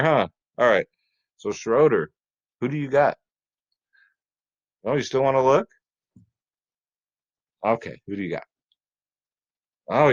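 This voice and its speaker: A man hosting a casual fantasy sports picks video, upbeat and chatty, talking straight to his viewers. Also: mid-range voice.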